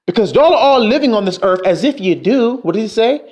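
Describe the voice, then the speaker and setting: A man's voice: sits high, lively intonation, a little fast, a little mellow. A man preaching a profane, confrontational street sermon, scolding his listeners.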